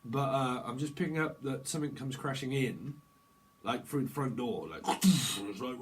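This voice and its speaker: A man's voice: mid-range voice, normal speed, low-quality recording. A man giving a rambling tarot reading, swearing and laughing as he talks. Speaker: tarot reader. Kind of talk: casual tarot reading monologue.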